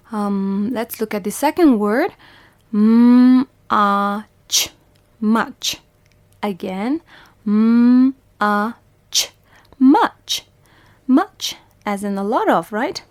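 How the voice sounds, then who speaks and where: A woman's voice: mid-range voice, darkish tone. A woman with a Bhutanese English accent, teaching a phonics lesson to young children, sounding out each letter and repeating every word patiently.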